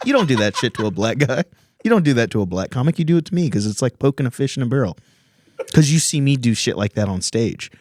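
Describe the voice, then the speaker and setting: A man's voice: mid-range voice, expressive, quick pace, a little mellow, dry recording, clean studio sound. A man from Virginia, a comedian hosting a podcast, telling rambling, profane stories in casual chat and laughing often.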